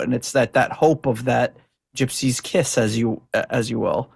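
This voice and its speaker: A man's voice: mid-range voice, unhurried, creaky, slightly rough, dry recording, studio quality. A man co-hosting a podcast, chatting loosely about song lyrics with many fillers and restarts. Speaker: podcast co-host.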